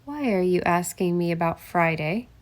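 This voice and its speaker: A woman reading an audiobook and voicing a middle-aged male congressman who is charming but quick to anger. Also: on the low side, lively intonation, natural voice. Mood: suspicious. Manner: charming, then defensive. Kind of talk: audiobook character voice.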